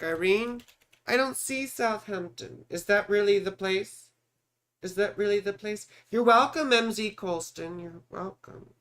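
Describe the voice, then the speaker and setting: A man's voice: high voice, fairly bright tone, smooth. A man in his forties from California, an astrologer chatting and rambling through live chart readings, muttering while he searches and talking to viewers by name. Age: 40s. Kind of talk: casual live-stream chat.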